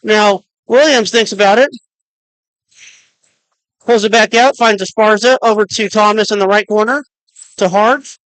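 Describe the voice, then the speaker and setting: An adult announcer calling a high school basketball game on radio, with rapid, clipped calls of each pass and shot and the clock counted down aloud. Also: fairly bright tone, smooth, dry recording, rough recording. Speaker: play-by-play announcer.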